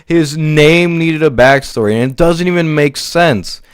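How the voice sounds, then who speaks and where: A man's voice: fairly high pitch, unhurried, smooth, dry recording, studio quality. A man giving an exasperated, profane movie review rant, stumbling over his words as he goes. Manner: exasperated, profane ranting with stammered restarts.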